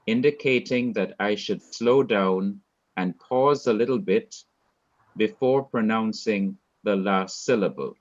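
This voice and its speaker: A man teaching a Hebrew class, explaining slowly and repeating key points for his students. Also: on the low side, highs cut off. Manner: slow, repetitive, deliberate explaining. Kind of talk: classroom lecture.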